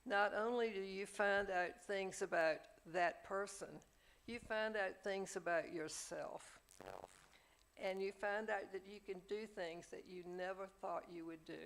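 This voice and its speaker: An older woman telling a personal story on stage, slow and emphatic, rising into theatrical recitation. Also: mid-range voice, vocal fry, slight background noise, rough recording.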